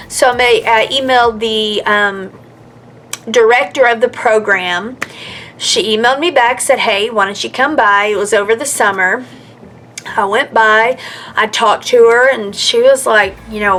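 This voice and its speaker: With gentle background music, a vlogger in her mid-thirties shares her own experiences at a measured pace. Her pitch is fairly high and a bit bright, and her earnest, chatty telling is full of fillers and restarts.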